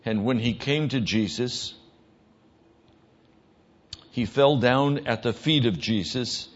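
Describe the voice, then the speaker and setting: A man's voice: mid-range voice, slow. Emphatic male pastor preaching. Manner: emphatic preaching, swinging from hushed to loud. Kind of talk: sermon. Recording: dull lo-fi sermon recording.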